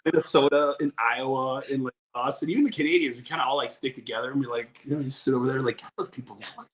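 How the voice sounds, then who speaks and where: A man's voice: mid-range voice, steady tone, fast, a crowd in the background. A man chatting on a casual podcast, blunt and profane, who rambles from one point to the next in a mid-range voice. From Wisconsin. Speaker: podcast co-host. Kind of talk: casual chat.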